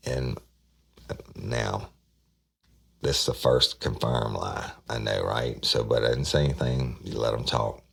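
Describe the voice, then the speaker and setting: A man's voice: very deep voice, lively intonation, unhurried, vocal fry, pauses often, fairly bright tone, breathy edge. A middle-aged man hosting a true-crime podcast, casually retelling an interrogation with asides to his listeners. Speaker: podcast host.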